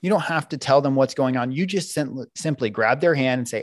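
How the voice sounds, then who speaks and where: A man's voice: mid-range voice, fairly quick, no echo. A middle-aged man, a parenting coach, explaining techniques in an interview and acting out parents and children. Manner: animated, acts out parents and kids in quoted voices.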